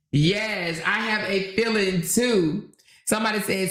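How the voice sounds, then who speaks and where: A woman's voice: mid-range voice, moderate pace, fairly bright tone. A woman hosting a casual livestream chat, reading viewer comments aloud and laughing often. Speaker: livestream host. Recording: roomy echo.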